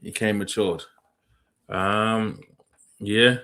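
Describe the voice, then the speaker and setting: A man with a low, deep voice hosts a livestream. He reacts casually and thinks out loud, tossing questions to his audience. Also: fairly even intonation, extremely slow. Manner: musing, asks questions aloud. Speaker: livestream host.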